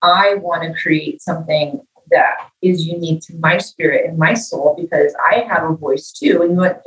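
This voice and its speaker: A woman's voice: low voice, moderate pace, reverberant, distant mic, rough recording. A middle-aged woman, a musician, chatting in an interview and acting out the people in her stories. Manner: animated storyteller, acts out quoted dialogue. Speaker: guest musician. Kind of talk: casual interview talk.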